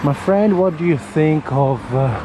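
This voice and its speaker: A man from Italy with an Italian accent, chatting casually on a walking vlog and often pausing to search for words, talking into a camera outdoors on a windy street. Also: on the high side. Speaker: vlogger. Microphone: camera mic held near the face. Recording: faint wind and traffic noise outdoors.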